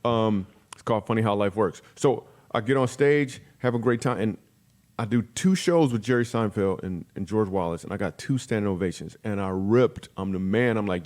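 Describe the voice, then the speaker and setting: Man, comedian, podcast guest, comic storytelling, punchy, animated, slips into character voices, rapid. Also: on the low side.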